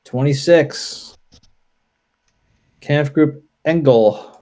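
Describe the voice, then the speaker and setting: Slow, deliberate man reading dice rolls. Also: fairly high pitch, mellow. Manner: deliberate, reads dice results aloud. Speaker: wargame player. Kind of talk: casual play-through commentary.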